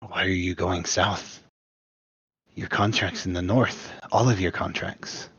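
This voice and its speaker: A man's voice: deep voice, steady tone, takes it slowly, fairly bright tone, slightly rough, no echo, highs cut off, exaggerated voice. A man voicing a sly, pushy imp messenger for his devilish master, speaking brusquely and making demands.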